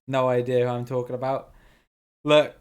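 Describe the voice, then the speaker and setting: A man's voice: mid-range voice, little pitch movement, normal speed, clean tone. A man hosting a casual live stream of a geography guessing game. He chats with viewers, reads their names out, laughs easily and swears now and then.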